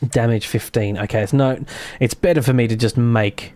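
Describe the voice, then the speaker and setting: A man's voice: medium pitch, fairly even intonation, moderate pace, a little mellow, faint music behind. An Australian man with an Australian accent, casually commentating his gameplay with sarcastic, self-mocking humor and free swearing. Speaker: streamer.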